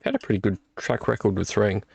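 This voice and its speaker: A man hosting a casual late-night vlog from a small room at home, his voice strained and croaky from illness, rambling and self-deprecating with many fillers. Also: on the low side, steady tone, fast talker, darkish tone, no echo, lo-fi sound. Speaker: vlog host. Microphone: attached desktop microphone.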